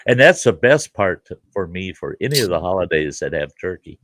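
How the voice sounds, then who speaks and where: A man's voice: sits low, big pitch swings, fairly quick, fairly bright tone, no room sound. A man hosting a casual show, telling folksy stories with laughs and acted-out quotes. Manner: folksy, laughing storyteller who acts out quoted voices. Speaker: show host. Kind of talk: casual storytelling chat.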